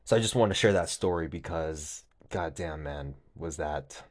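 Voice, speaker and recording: A man from California telling a story casually, animated, laughing often and swearing freely. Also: rumbling low, moderate pace.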